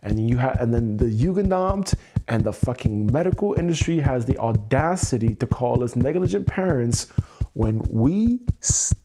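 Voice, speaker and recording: A man hosting a livestream, venting angrily and swearing, keeping his voice low at home at night so he won't wake anyone. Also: lively intonation, normal speed, warm tone, slight background noise. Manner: angry, swearing, exasperated. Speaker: livestream host.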